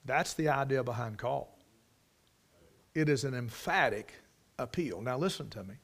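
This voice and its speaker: A man preaching a sermon, moving from quiet storytelling to loud, emphatic preaching. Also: medium pitch.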